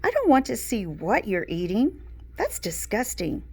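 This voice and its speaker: A woman's voice: mid-range voice, sing-song, a little slow, slightly rough, full character voice. A woman voicing a teasing young sister in a read-aloud storybook, squeamish and mocking. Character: cheeky, pestering big sister, young girl.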